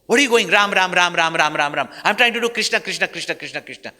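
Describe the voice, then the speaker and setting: A man's voice: on the high side, moderate pace, sharp tone, big-room sound. A man voicing a proud young male archer warrior who is boastful and insistent. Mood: annoyed. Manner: pleading and insistent.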